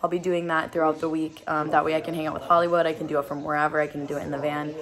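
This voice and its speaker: A woman's voice: low-pitched, flat delivery, racing. A young woman vlogger talking casually to her camera, with lots of ums, out on a hiking trail. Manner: chatty, many ums. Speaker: vanlife vlogger. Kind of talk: casual vlog chat.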